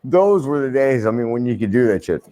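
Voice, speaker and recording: An older man, a wrestler, tells a rambling, profane anecdote in an interview, often restarting and swearing freely. His voice is medium-pitched, sing-song and dark, and he speaks a little fast.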